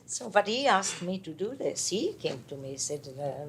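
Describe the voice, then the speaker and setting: An older woman with an Italian accent, speaking as an interview guest in a casual, animated way, with halting English and many restarts. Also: extremely low pitch, background noise. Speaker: interviewee, retired opera singer. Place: home apartment.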